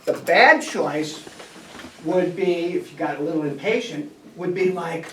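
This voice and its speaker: A woman teaches a classroom lesson and keeps asking the students questions. She is recorded from across an echoey room, at a distance from the mic. A clear hum of noise sits under her voice. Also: fairly high pitch, lively intonation, moderate pace. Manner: coaxing, asks the class questions. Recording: echoey classroom from far off, noisy.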